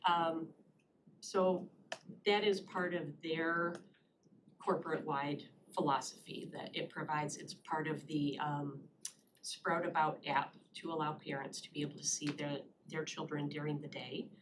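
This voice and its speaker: Low-voiced woman answering board questions. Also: flat delivery. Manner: measured, explanatory, with filler pauses. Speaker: county staff presenter. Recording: noisy public meeting room.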